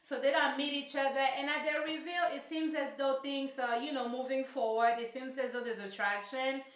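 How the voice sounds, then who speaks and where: A woman's voice: high voice, fairly even intonation, moderate pace, fairly bright tone. A woman reviewing a reality show in casual, sassy, emphatic commentary full of slang. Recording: roomy echo.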